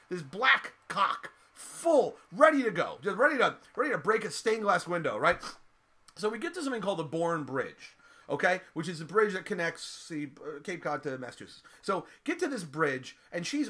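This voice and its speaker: A middle-aged man telling a raunchy story in an animated, profane way, laughing often. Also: high voice.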